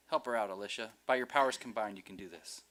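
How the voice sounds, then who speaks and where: A man's voice: lowish voice, moderate pace, fairly bright tone. A man teaching a Hebrew class, patient and explaining with examples and light jokes. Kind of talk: online class instruction.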